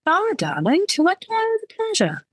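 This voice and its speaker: A woman voicing a calm, doting British man who asks gentle questions over the phone in a romance novel reading. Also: very high voice, fairly quick, no room sound, pitched above the performer's own voice, heavily acted.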